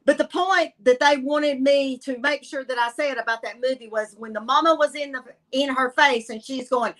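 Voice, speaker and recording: Tennessee woman, Southern accent, sassy folksy guest reader, high and forceful. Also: normal speed, few pauses, low-quality recording. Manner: animated folksy retelling, blunt and sassy. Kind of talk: live-stream storytelling.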